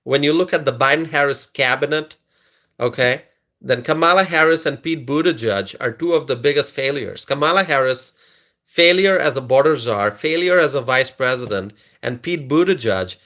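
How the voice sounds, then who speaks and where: An American man hosts a casual political live stream, chuckling often and stumbling over and repeating words as he reads viewer comments aloud. His middle-pitched voice is expressive, bright and forceful, at a normal speed.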